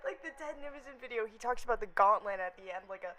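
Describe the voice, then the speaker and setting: A young adult woman vlogging in casual, rambling chat. She is animated, swears freely and keeps slipping into quick impressions. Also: fairly high pitch.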